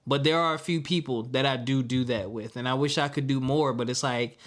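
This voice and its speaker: A man hosts a podcast in a mid-range voice that is neither high nor low. He speaks in a reflective, earnest way. He slows down to land the heartfelt points. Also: fairly even intonation. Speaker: podcast host. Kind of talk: reflective casual podcast talk.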